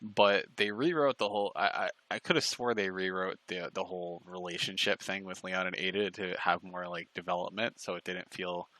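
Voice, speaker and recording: A man in casual chat on a live stream, rambling and halting with restarts and fillers. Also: deep voice, fairly even intonation, pushed and bright, no echo. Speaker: stream co-host.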